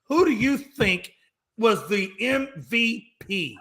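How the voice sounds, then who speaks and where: A man co-hosting a sports talk show, ranting in an animated, profane way and repeating phrases for emphasis. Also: high-pitched, takes it slowly. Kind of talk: loud casual sports talk.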